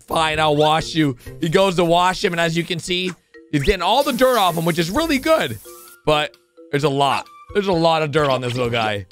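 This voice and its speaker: A man hosting a reaction video, excitably narrating what he sees and laughing often. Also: fairly high pitch, fairly quick, faint music behind. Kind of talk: casual reaction commentary.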